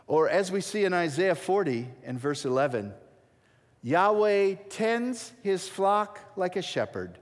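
A man preaching a sermon as pastor, emphatic, with dramatic drops to a near hush at the ends of phrases. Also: a little high. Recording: long reverb of a large hall.

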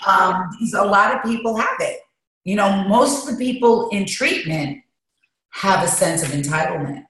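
A woman's voice: mid-range voice, expressive, normal speed, a bit bright. A woman guest speaking candidly and emotionally in an interview, recorded at a recovery treatment center. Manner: emotional, confessional, emphatic. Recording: very echoey room.

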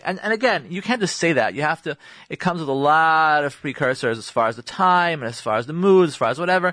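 A man's voice: on the high side, animated, fast, a bit bright, no echo. A man hosting a radio advice show, talking emphatically and repeating his points to listeners, with Hebrew religious terms mixed into his speech. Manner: emphatic, repetitive, addresses listeners directly. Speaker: radio host giving marriage advice.

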